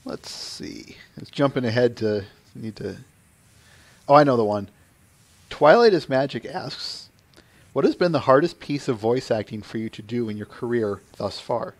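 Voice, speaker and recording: A man hosting an interview, reading out listener questions in a relaxed, low-key way. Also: normal speed, no room sound. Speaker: podcast host.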